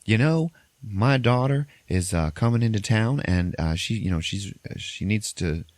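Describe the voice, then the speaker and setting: A man's voice: fairly low pitch, expressive, moderate pace, no room sound, pitched above the performer's own voice, natural voice. A man voicing a chatty middle-aged female secretary who keeps nudging her boss about dinner plans.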